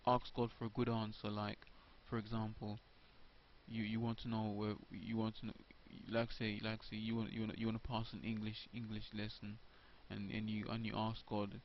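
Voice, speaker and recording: A man talking off the cuff about faith, stumbling and restarting, repeating words and filling gaps with ums. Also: lowish voice. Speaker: video blogger. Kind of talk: unscripted religious monologue to camera. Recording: dull lo-fi home recording with faint hiss.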